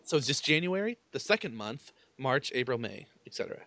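A man's voice: mid-range voice, sing-song, a little fast, pushed and bright. A man co-hosting a podcast, chatting casually with a playful, teasing humor. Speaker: podcast co-host. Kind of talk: casual chat.

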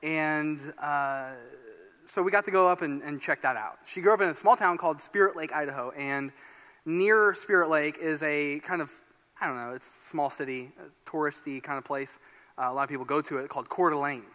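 A man from Northeast Indiana preaching a sermon as pastor, telling a story in an animated, excitable way. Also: a little high, brisk. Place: church sanctuary. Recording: long church hall reverb.

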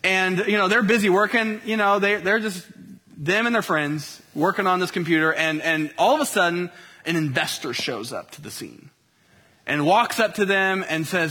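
A man's voice: high voice, moderate pace, sharp tone. A young man preaching a casual, conversational sermon with many restarts and fillers. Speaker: pastor.

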